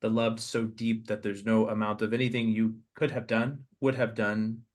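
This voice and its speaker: Soft-spoken man leading a guided meditation. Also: lowish voice, little pitch movement. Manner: slow, soft, hesitant restarts. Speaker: podcast host.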